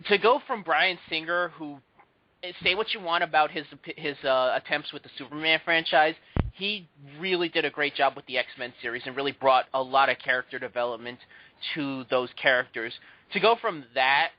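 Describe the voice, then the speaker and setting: A man's voice: fairly high pitch, normal speed, slight background noise. A man hosting a casual podcast, chatting and ranting with strong opinions. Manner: opinionated, ranting about films. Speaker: host. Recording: muffled lo-fi audio.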